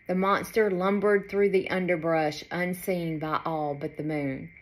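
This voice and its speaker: A woman author reading her children's storybook aloud in an expressive, lilting way. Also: lowish voice, unhurried.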